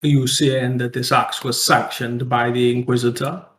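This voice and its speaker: A man's voice: mid-range voice, flat delivery, normal speed, fairly bright tone, reverberant. A man playing a tabletop game, speaking in character in a stern, threatening way. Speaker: player. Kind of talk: in-character role-play.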